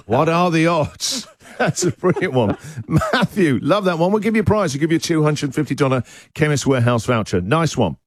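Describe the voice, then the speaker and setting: A man's voice: on the high side, lively intonation, slightly rough, dry recording, studio quality. A man hosting a radio breakfast show, chatting playfully with callers and joking often. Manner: playful, quick to laugh and joke. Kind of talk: lively radio chat with callers. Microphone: studio microphone.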